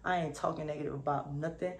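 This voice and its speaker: A woman's voice: sits low, steady tone, fast, gravelly. A woman vlogging to camera in a casual, upbeat, slangy way, often asking "you feel me". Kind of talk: casual motivational talk to camera.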